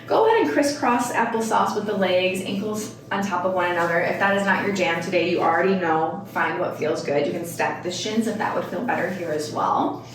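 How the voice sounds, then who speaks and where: A woman instructor guiding a yoga class, calmly cueing breath and movement with casual, rambling asides. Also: fairly low pitch, a little fast, a crowd in the background. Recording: echoey room, mic at a distance.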